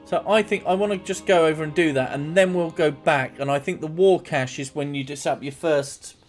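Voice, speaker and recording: A man's voice: on the high side, moderate pace, faint music behind. A man giving casual, rambling gameplay commentary as a streamer. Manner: rambling, chatty, self-mocking.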